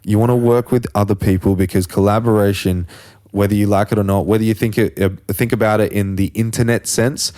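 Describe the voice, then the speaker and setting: A man's voice: on the low side, fairly even intonation, a little fast, dark tone. A man hosting a podcast, talking casually in a rambling, philosophizing way and swearing freely. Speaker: podcast host. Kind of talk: casual conversation.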